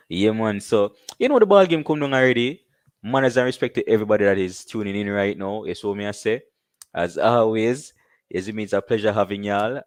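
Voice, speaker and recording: A Jamaican man hosting a casual live stream, chatting loosely and giving shout-outs to viewers. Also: lowish voice, dry recording.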